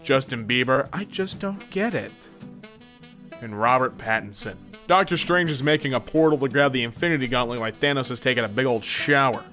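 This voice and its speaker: A man hosting a casual comedic meme commentary, jumping into squeaky silly voices. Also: fast talker, hardly any pauses, sharp tone, faint music behind. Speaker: meme reaction host.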